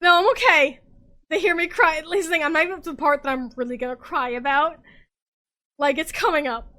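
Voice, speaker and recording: A young woman podcast host, drunk, rambling excitably and swearing as she recaps a story in casual chat. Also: high-pitched, fast.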